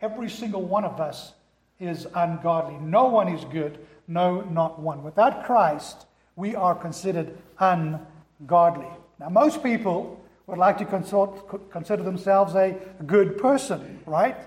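A man's voice: high voice, a little slow, reverberant. A man preaching a sermon as pastor, driving points home with rhetorical questions and repetition. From America.

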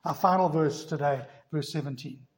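A man's voice: a little high, moderate pace. A man preaching a sermon as pastor, telling stories with emphatic, rising delivery. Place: church.

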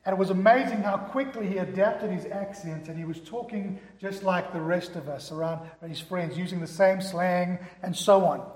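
A man's voice: high voice, moderate pace, few pauses, darkish tone. A man from Africa, preaching a conversational sermon full of rhetorical questions. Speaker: pastor. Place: church hall. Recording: echoey hall.

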